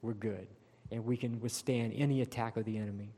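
A man preaching a sermon in a church, stressing key phrases slowly and building to emphatic peaks. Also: fairly low pitch, fairly even intonation, dark tone. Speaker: pastor. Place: church sanctuary. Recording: long reverb in a large hall.

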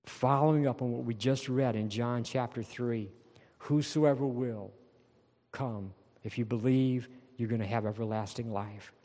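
A man's voice: mid-range voice, fairly even intonation, mellow. Man preaching in an echoing hall. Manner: emphatic, slows down to stress key words of scripture. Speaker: pastor. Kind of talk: sermon. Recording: long reverb of a large hall.

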